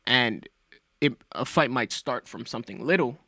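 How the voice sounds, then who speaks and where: A man's voice: medium pitch, animated, normal speed, bright, forceful tone, no echo, clean studio sound. A man as a podcast guest, talking in a casual chat, thinking aloud with fillers.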